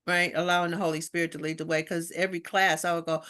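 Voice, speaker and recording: A woman's voice: lowish voice, fast, few pauses, smooth. A woman, a guest minister, chatting casually with slangy, spiritual talk and acting out the voices of people in her stories. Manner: animated storyteller, acts out quoted voices. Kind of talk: casual chat.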